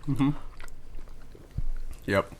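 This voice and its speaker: A man co-hosting a casual food tasting chat, explaining things with hesitant fillers. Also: drawn-out words. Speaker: co-host.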